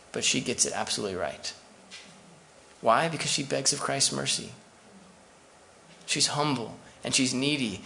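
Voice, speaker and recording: A man's voice: mid-range voice, creaky, sharp tone, slight background noise. A man preaching a sermon as pastor, conversational and full of asides to the congregation.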